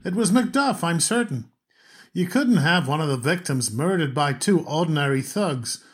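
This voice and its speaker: A man reading aloud, voicing a chatty, insistent American woman who loves mysteries, in a husky voice. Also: on the high side, moderate pace, voice pushed up. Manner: insistent, animated.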